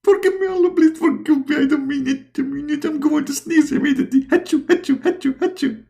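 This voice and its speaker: A man voicing a panicky, groveling grown man who pleads in a high, frantic voice. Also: brisk, gravelly, a little mellow. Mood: pleading. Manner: pleading, shrill, overexcited.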